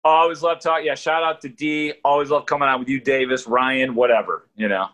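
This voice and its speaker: A man who is a sports reporter, chatting casually on the radio as a guest and telling stories in a lively, animated way. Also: mid-range voice, a little fast, poor audio. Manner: lively, animated storyteller with restarts. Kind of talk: casual radio chat, storytelling.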